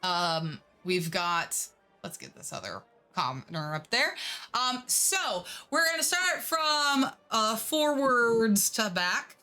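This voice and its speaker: A woman's voice: on the high side, very animated, slow, pushed and bright. A woman narrating a tabletop game as game master, chatty with many fillers.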